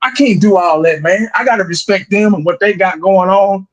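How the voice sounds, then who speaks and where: A man in his forties, a fan commentator, rambling and animated in a casual podcast chat, acting out what people say to him. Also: high voice, moderate pace, highs cut off. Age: 40s. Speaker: YouTube football fan commentator.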